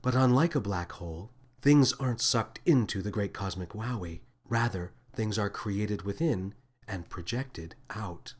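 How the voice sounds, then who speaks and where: A man voicing a calm, formal female alien first mate who speaks in a low, measured tone. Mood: matter-of-fact.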